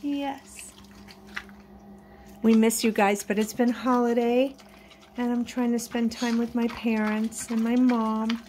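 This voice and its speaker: A woman's voice: a little high, level tone, takes it slowly, pauses often, a little mellow, slight background noise. A woman vlogging at home at night, talking in a sing-song baby voice to her pets and chatting with viewers. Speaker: pet vlogger. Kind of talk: casual chat to pets and viewers.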